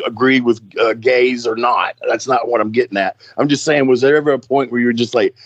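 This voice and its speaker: Fast-talking male host, dull lo-fi sound. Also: mid-range voice, steady tone, no echo. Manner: rambling, hedging question. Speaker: podcast co-host. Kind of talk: casual interview questions.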